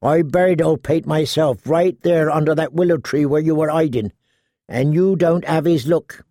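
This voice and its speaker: A man's voice: on the high side, moderate pace, dark tone, dry recording, studio quality, natural voice. A man playing a wry middle-aged outlaw minstrel who talks in an easygoing, coaxing drawl.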